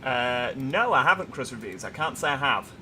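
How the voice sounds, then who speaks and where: A young Yorkshire man hosting a relaxed livestream, chatting through viewer comments as they come in. His voice is bright and forward, at a middle pitch. A faint hum sits under the recording. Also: moderate pace. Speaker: livestream host. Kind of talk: casual livestream chat.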